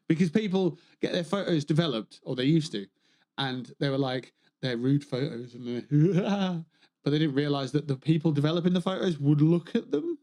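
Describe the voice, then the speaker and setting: Male gaming streamer, fairly high voice, rambling banter, swears a lot. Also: lively intonation, moderate pace, dark tone. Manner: rambling, joking, swears freely. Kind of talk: casual gaming livestream chat.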